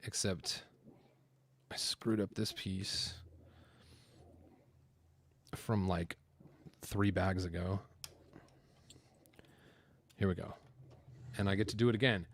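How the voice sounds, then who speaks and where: A man's voice: sits low, steady tone, slow pace, long pauses, a little hiss or hum. A man hosting a casual building video, talking his way through the build in a chatty, rambling way with lots of fillers. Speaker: host building LEGO on camera.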